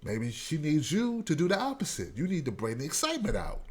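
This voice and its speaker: A man with a high, bright voice hosts a casual live stream and talks straight to his viewers. His delivery is loud and animated, full of joking, preachy asides. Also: fairly quick, breathy edge. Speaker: host.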